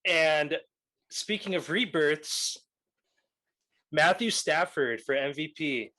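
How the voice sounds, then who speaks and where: Laughing, higher-voiced young man. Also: slow pace, pushed and bright. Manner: laughs often, loose and joking. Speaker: podcast co-host. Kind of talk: casual sports chat.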